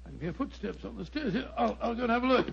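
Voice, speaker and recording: An actor playing a bluff, hearty doctor companion in a vintage radio drama, fussy and exclaiming. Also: male voice, very high voice, expressive, fast talker, creaky, background noise, heavily acted. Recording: dull lo-fi old radio recording.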